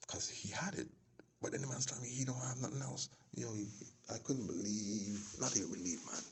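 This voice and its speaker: Guy rambling thru a story, gravelly fry, keeps slipping into whispers. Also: mid-range voice, fairly quick, a little hiss or hum. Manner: rambling, drops into whispered asides. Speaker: vlogger. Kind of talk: casual storytelling monologue.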